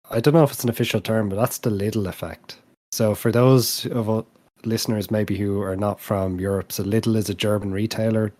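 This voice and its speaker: A low-voiced man co-hosts a casual podcast, explaining things plainly with a dry, matter-of-fact wit. The sound is close and dry, with no room around it. He tells his points in an even, wry way. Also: no echo. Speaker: podcast co-host. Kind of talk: casual chat.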